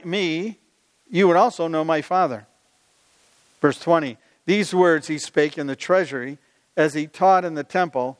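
A man's voice: on the high side, dry recording, in a large hall. A male pastor preaching conversationally, asking his listeners questions and reading scripture aloud.

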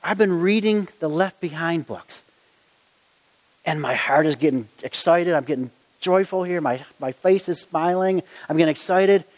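A man's voice: fairly high pitch, moderate pace. A middle-aged man preaching a sermon, earnest and conversational as he tells stories from his own life. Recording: long hall reverb.

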